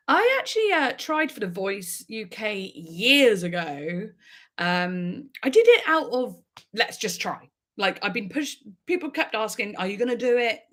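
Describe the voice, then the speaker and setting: A woman's voice: on the high side, a bit bright. A woman, a music reaction YouTuber, chatting casually and rambling on a livestream, laughing often.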